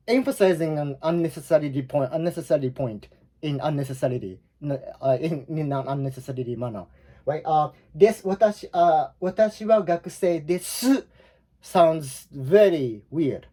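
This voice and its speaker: Mellow-voiced teacher explaining haltingly. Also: male voice, a little high. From Japan. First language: Japanese. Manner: halting, searching for words with frequent restarts. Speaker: Japanese language teacher. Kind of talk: explanatory online lesson.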